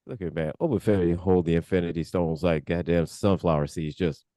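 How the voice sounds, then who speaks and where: A man's voice: deep voice, a little fast, warm tone, clean studio sound. A man co-hosting a casual comedy podcast, echoing and repeating the punchlines in a drawl. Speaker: podcast co-host.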